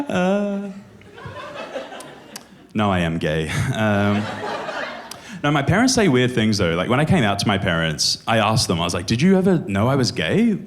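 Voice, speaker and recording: A young adult man doing stand-up comedy on a club stage, telling stories in an animated way and acting out the voices of other people. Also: fairly low pitch. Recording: clear crowd noise in a comedy club.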